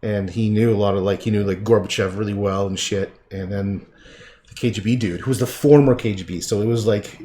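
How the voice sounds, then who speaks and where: A middle-aged man from Canada chatting casually while painting, with rambling, profane asides that often trail off quietly. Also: on the low side, fairly even intonation, fairly quick, slight background noise. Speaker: livestreaming painter.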